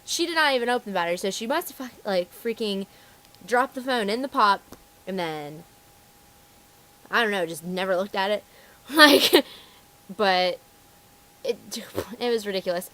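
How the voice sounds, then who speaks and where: Young woman venting about rude customers, mid pitch, acts out their voices, chatty vlog. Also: normal speed, pauses often. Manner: animated storytelling, acting out customers' voices. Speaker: retail phone store worker. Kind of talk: casual vlog rant.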